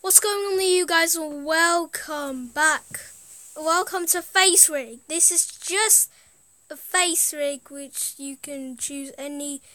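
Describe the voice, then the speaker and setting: A woman gives rambling, easily amused commentary on a game, her thoughts often trailing off. Her voice is high and bright, and her delivery is unhurried. The recording is close and dead dry. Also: no room sound. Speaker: gaming video host. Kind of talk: casual gameplay commentary.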